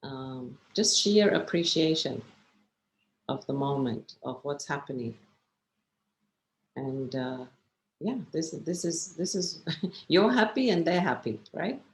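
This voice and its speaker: A woman's voice: deep voice, expressive, slow, pauses often, roomy sound. A woman meditation teacher giving a chatty, encouraging workshop talk over a video call, often checking in with her listeners.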